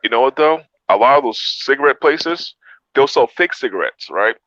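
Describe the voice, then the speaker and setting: A man chiming in during a casual podcast chat with a lively story of his own. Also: medium pitch, normal speed, dry recording, highs cut off.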